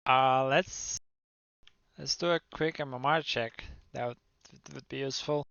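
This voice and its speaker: A man's voice: mid-range voice, fairly even intonation, a little slow, gravelly, bright, forceful tone, no room sound. A man co-casting a game tournament in a laid-back way, walking through past matches in detail. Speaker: co-caster. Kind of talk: casual game commentary. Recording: dull, dry lo-fi mic.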